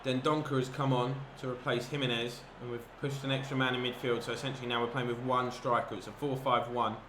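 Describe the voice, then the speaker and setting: An excitable gaming commentator narrates his football video game match live, calling every pass at a middle pitch and yelping whenever a chance comes. He talks fast, and his voice rings around an echoey room with steady background noise.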